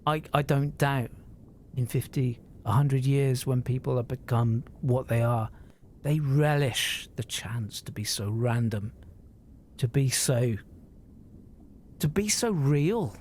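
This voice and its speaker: A man's voice: medium pitch, steady tone, takes it slowly, a little mellow, a little hiss or hum. A man, talking to live-stream viewers in an earnest, emotional, rambling way, swearing freely and often restarting his sentences.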